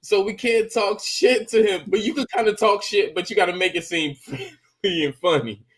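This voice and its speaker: Man, high voice, podcast co-host, casual chat, profane, animated storytelling. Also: normal speed.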